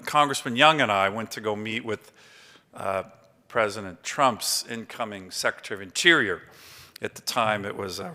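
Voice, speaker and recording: A man in his fifties gives an award acceptance speech at a banquet. His very bright, crisp voice carries through a large hall with a long reverb, and he rambles through anecdotes with plenty of ums and uhs. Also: lowish voice. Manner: chatty anecdotal storytelling with many fillers. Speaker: award recipient giving a speech. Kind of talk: after-dinner acceptance speech.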